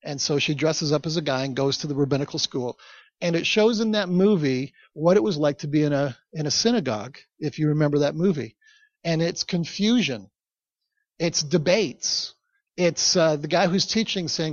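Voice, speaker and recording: A man's voice: fairly high pitch, animated, normal speed, no room sound. Male pastor, conversational storytelling sermon, dry close sound. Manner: conversational, chatty asides to the congregation. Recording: dull, dry recording.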